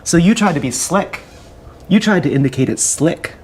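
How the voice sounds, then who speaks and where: A man rambling crudely through a live stream monologue, often clearing his throat. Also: fairly high pitch, expressive, normal speed, darkish tone, slight background noise. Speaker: livestreamer. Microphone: action camera.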